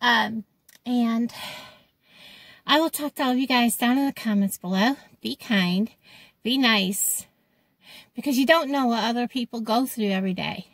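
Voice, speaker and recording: A woman's voice: fairly high pitch, a little slow, long pauses, no room sound. A woman talking casually to viewers on an outdoor walk, out of breath and rambling as she goes. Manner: chatty, rambling, self-narrating. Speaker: vlogger. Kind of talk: casual walking vlog. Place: outdoors on a rural hill, then in her car.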